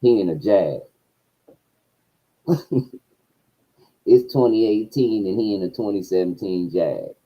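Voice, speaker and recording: Husky low-voiced man ranting. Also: lively intonation, slow, long pauses, muffled recording. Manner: profane, swings between low mutters and loud outbursts. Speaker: streamer. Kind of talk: casual storytelling rant.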